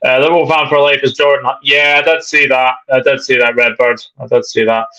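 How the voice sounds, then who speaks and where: A man's voice: mid-range voice, fairly even intonation, fairly quick, sharp tone, highs cut off. A man hosting a live football chat stream, reading viewer comments aloud in a chatty way. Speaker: host.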